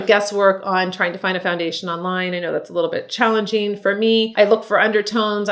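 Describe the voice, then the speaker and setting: A middle-aged woman makeup artist giving a casual makeup tutorial, chatty and encouraging, talking straight to viewers. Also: medium pitch. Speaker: makeup artist and beauty vlogger.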